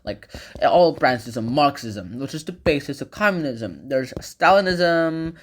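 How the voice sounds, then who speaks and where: A man's voice: medium pitch, animated, unhurried. A man giving a casual educational commentary, rambling with fillers and dropping sarcastic asides. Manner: loose, rambling phrasing with fillers. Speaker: video lecturer.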